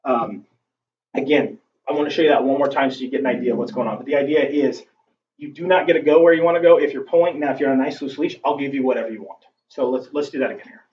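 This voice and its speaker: A man's voice: medium pitch, steady tone, quick pace. Distant man explaining dog training. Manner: casual, talks through the steps with fillers. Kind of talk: instructional demonstration. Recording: distant, dull lo-fi recording with faint background noise.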